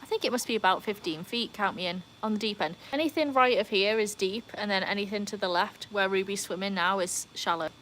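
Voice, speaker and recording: A woman's voice: mid-range voice, fairly quick, hardly any pauses, fairly bright tone, slight background noise. A woman hosting a casual livestream from beside a pool, chatting with viewers and breaking into squealing cheers. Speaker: livestream host. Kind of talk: casual live-stream chat reading viewer comments. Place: outdoors beside a home swimming pool.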